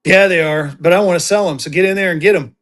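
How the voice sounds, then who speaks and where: A man's voice: high voice, fast, fairly bright tone. Chatty man hosting a live auction. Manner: chatty, jokey, banters with viewers. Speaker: livestream seller and host. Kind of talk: casual live auction selling.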